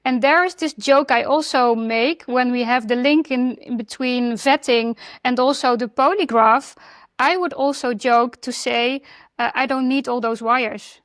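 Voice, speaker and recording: A woman's voice: high voice, fairly even intonation, a little slow, a bit bright, dry recording. Woman host, dry close voice. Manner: thoughtful, laughs often. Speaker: podcast host. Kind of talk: conversational interview.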